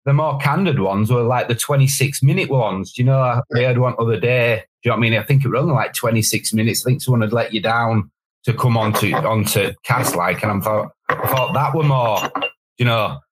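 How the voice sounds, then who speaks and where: A husky-voiced man in his forties with a Yorkshire accent, talking as a podcast guest. He rambles candidly, stumbling and repeating words as he goes. His pitch sits in an ordinary middle range. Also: a little fast, poor audio. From West Yorkshire, England. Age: 40s. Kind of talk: casual chat.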